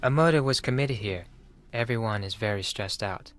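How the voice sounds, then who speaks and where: A man's voice: lowish voice, moderate pace, fairly bright tone, lightly acted. A man doing a formal Japanese-accented teen boy. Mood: solemn. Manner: formal, careful phrasing. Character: polite earnest teenage boy exchange student. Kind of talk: video game voice acting.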